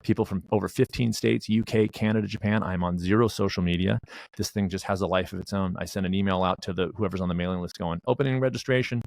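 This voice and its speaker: In a casual interview, a middle-aged man who works as both a wellness director and a race director tells a rambling story, acting out bits of dialogue and restarting often. He talks fast in a low, level, gravelly voice that's a little mellow, recorded with no echo.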